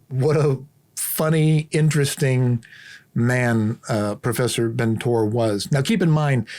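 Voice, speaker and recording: A man's voice: medium pitch, darkish tone. A man hosting a channel, telling a personal story casually to camera and acting out his own reactions. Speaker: host.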